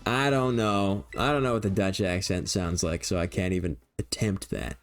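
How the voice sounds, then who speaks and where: A man's voice: sits low, fairly even intonation, moderate pace, few pauses, soft background music. A young man streaming a video game, rambling and joking in a casual running commentary and laughing easily.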